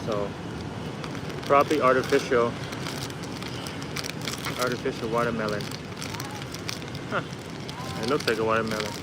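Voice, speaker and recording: A man's voice: mid-range voice, fairly even intonation, a little slow, long pauses, heavy background noise. A man vlogging casually as he walks outdoors, chatting with his viewers and laughing easily. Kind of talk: casual walking vlog. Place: outdoors on a busy city street.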